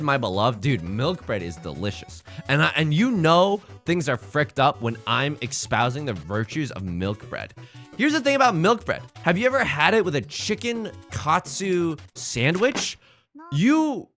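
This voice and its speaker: Young male streamer, excitable and rambling, slightly high, animated voice. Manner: excitable, rambling, talks to himself. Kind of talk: casual live-stream game commentary. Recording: faint music under the voice.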